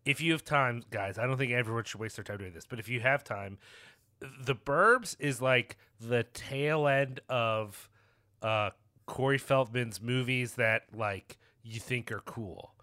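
A man's voice: medium pitch, a little slow, bright, forceful tone, no room sound, studio quality. A man co-hosting a movie podcast, rambling with restarts and laughter. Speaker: podcast co-host. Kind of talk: casual movie discussion.

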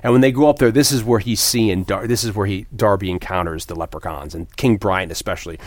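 A man's voice: on the low side, a little fast, no room sound. A man co-hosting a casual movie chat, rambling and profane, with many restarts. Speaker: podcast co-host.

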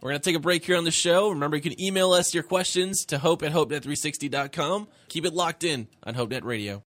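A man hosting a radio talk show, relaxed and encouraging, with short affirmations to his guest. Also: a little high, quick pace, a little hiss or hum. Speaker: radio host.

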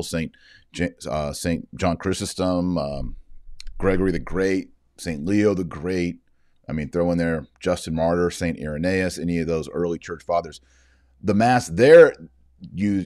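Deep-voiced man hosting commentary. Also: a little mellow, no room sound, studio quality. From Texas. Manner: chatty, joking, with fillers and asides. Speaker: host. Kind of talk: casual commentary on video clips.

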